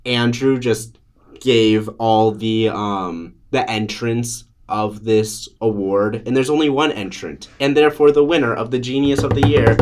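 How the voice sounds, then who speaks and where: A man co-hosting a casual podcast, dry and teasing, laughing often. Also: medium pitch. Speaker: podcast co-host. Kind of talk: casual chat.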